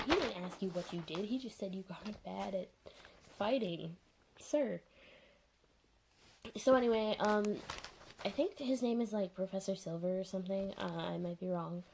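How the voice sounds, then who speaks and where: A woman's voice: mid-range voice, moderate pace, vocal fry, long pauses, a little mellow, slight background noise. A woman casually recapping a TV episode, sarcastic and exasperated, full of "like" and "um". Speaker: TV episode reviewer.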